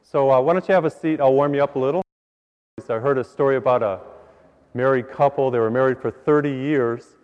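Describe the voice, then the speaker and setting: A man's voice: medium pitch, darkish tone. A priest telling jokes from the pulpit in a loose, storytelling manner. His voice rings through a big church with a long tail of reverb, and the sound is slightly dull. The congregation laughs now and then. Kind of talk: joke-filled sermon. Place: large church.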